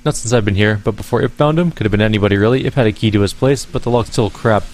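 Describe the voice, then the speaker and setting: A man's voice: on the low side, very fast, darkish tone, lightly acted. Blunt, world-weary porter read by a man. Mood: cynical. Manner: blunt, dismissive.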